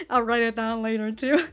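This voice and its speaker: A woman's voice: on the high side, a little slow, clean tone. A woman hosting an anime reaction, chatting casually in a rambling, giggly way and tripping over her own restarts. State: running out of breath.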